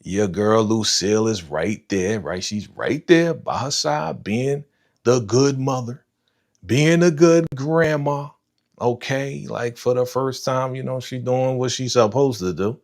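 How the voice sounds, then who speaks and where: A man hosting a live stream, giving casual, animated reaction commentary full of slang and talking to chat viewers by name. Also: mid-range voice, a little slow. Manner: animated, slangy, retells scenes with voiced quotes. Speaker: livestream host reacting to a TV episode.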